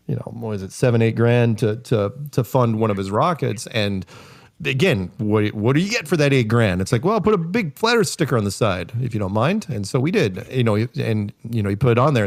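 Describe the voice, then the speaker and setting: A man, a podcast guest, telling casual, rambling stories with lots of fillers and self-corrections, delivered with wry, deadpan humor. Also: fairly low pitch, no room sound. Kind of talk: casual storytelling.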